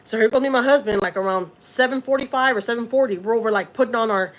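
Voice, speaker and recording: A woman's voice: fairly high pitch, fast talker, low-quality recording. Rambling woman telling a story. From Houston, Texas. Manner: rambling and emphatic, many "you know" and "like" asides, animated when voicing others. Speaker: family vlogger on a live stream. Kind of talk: casual storytelling.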